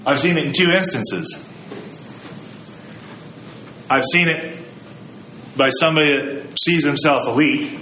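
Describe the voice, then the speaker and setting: A man's voice: a little high, a little slow, pauses often, bright, forceful tone, roomy sound, slight background noise, poor audio. A man giving a sermon in a conversational, storytelling way, acting out the quotes he tells. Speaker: preacher.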